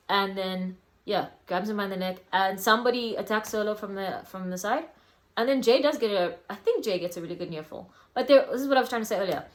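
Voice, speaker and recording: A young woman casually reviewing a wrestling event, rambling with lots of fillers and self-corrections. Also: medium pitch. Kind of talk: casual solo review vlog.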